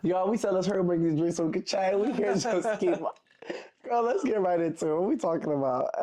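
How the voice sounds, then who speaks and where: A woman's voice: lowish voice, fast, dark tone. A young woman co-hosting a casual podcast, mostly chiming in with short agreeing replies. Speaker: podcast co-host. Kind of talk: casual chat.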